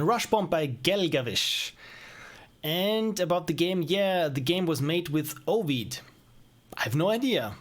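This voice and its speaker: A man's voice: medium pitch, slight background noise. A young man streaming and reviewing small indie games, chatting casually with a rambling, self-mocking manner and frequent chuckles. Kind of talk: casual live-stream commentary.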